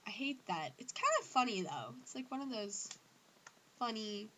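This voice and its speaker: A teenage girl ranting casually to her camera about things she hates, acting out other people's lines in squeaky voices. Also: moderate pace, slight background noise. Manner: animated, acts out others in high squeals. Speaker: vlogger. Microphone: built-in camera mic.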